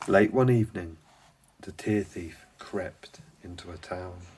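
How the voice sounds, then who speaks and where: Lively man reading a children's story. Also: deep voice, unhurried, a little hiss or hum. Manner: animated, swings from hushed to loud and excited.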